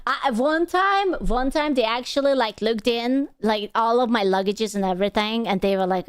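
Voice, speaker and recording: A young woman with a high, smooth, clear voice tells a story to her stream as a VTuber. English is not her first language, and she stammers through restarts and swears freely. The sound is dry and close, from a desk mic. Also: moderate pace, hardly any pauses, no echo. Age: young adult.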